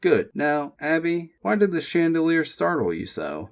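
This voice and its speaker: A man's voice: fairly high pitch, big pitch swings, moderate pace, voice pushed up. A man voicing a courteous, lightly teasing male house buyer in an audiobook, in a voice raised above his own.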